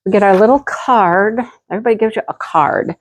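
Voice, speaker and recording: A woman with a medium-pitched, fairly quick voice chats casually and directly with her viewers. She's unboxing and showing off yarn deliveries for her craft channel.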